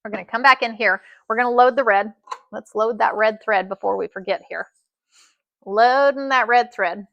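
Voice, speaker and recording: A woman's voice: on the high side, normal speed, pushed and bright, no room sound. A woman teaching a live sewing tutorial, chatty and folksy, often saying "y'all.". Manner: chatty, says "y'all" a lot. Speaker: sewing instructor.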